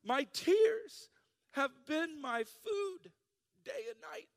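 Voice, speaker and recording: Whiny moaning lamenter, high and wailing, echoing in a big church, as a preacher puts it on. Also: male voice, very animated, creaky, full character voice. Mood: sobbing. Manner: drawn-out whining delivery. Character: whiny grown man lamenting to God.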